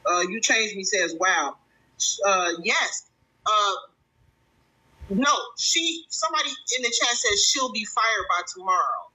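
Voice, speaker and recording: A woman hosting a stream and commenting on a viral clip, indignant and halting, with many fillers. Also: mid-range voice, animated, bright, forceful tone, poor audio. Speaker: stream host.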